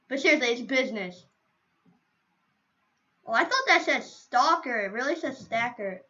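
A woman's voice: on the high side, animated, normal speed, long pauses, sharp tone, lo-fi sound. A woman streaming a game, chatting casually to viewers in a playful, rambling way with silly asides, on a computer microphone. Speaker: gaming streamer.

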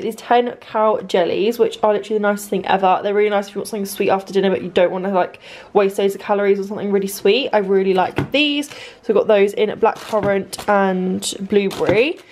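A woman's voice: mid-range voice, steady tone, a little fast, darkish tone, a little hiss or hum. Chatty young woman vlogging. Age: young adult. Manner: chatty, says "literally" constantly. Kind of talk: casual vlog chat. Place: home.

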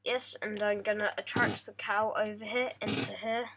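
A woman's voice: medium pitch, flat delivery, normal speed, noisy background. A young woman casually commenting on her own gameplay, joking, chatty and playful, chatting to the animals in the game. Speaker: gaming vlogger.

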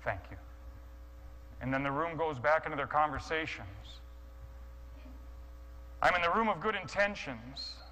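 A man's voice: fairly high pitch, animated, normal speed, pauses often, bright, forceful tone, in a large hall, poor audio. Man acting out a sermon story, stammering. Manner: stammering restarts, acting out inner thoughts. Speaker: guest speaker.

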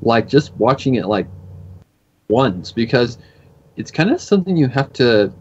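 A young man in his twenties chats loosely as he comments on a cartoon, rambling and cursing casually. His voice sits at an ordinary pitch. The recording sounds dull and lo-fi. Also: big pitch swings, measured pace, a little hiss or hum. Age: 20s. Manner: rambling, swears often. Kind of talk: casual reaction chat.

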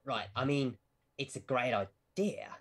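A man voicing a blunt male goblin who enforces rules, gruff and dismissive, over a video call. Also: mid-range voice, unhurried, music in the background, voice pushed up, lightly acted. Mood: brusque. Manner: blunt, dismissive, says "mate" and "bloody". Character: gruff gray-skinned male goblin rule-keeper. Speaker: game master.

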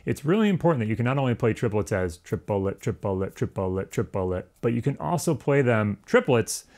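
A man's voice: medium pitch, very animated, fast talker, a little mellow. A man teaching a music lesson in a casual, explanatory way, now and then singing rhythms on syllables. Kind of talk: instructional lesson.

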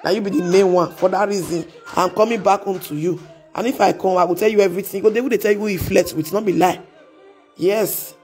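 A woman's voice: medium pitch, fairly even intonation, a little fast, darkish tone, faint music behind. A woman with a Nigerian accent, chatting casually on a live stream and sliding between Pidgin and English, with frequent laughs. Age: adult with children.

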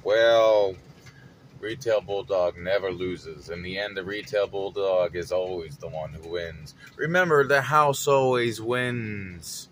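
A man telling a story from his retail job in an animated, dramatic way. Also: sits low, takes it slowly, a little hiss or hum. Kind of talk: casual storytelling vlog.

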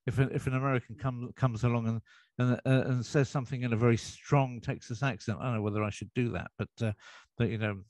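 British guy rambling through an interview answer, mid pitch, dry close sound. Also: fairly even intonation, fast talker, a little mellow, dry recording. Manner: discursive, explaining at length with many restarts. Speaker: interview guest. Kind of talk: casual interview talk.

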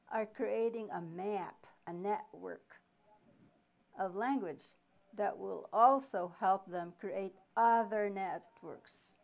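A woman presenting a reading workshop, explaining slowly with pauses and asking questions, then answering them herself. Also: medium pitch, gravelly. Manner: slow, deliberate explaining with pauses. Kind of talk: live teaching workshop.

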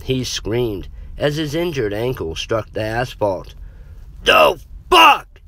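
A man reading a horror story as a narrator in a measured, dramatic way. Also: mid-range voice, lively intonation, no room sound.

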